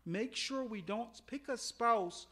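A man preaching a sermon with stories, animated, moving between loud emphatic peaks and quiet asides, using Arabic religious terms. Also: extremely high pitch, slow. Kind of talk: sermon with storytelling.

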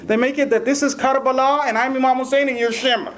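A man preaching a sermon, an animated storyteller who mixes in jokes and often asks his listeners "right?". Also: very high voice, fast, a little hiss or hum. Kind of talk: Ramadan sermon with humorous anecdote.

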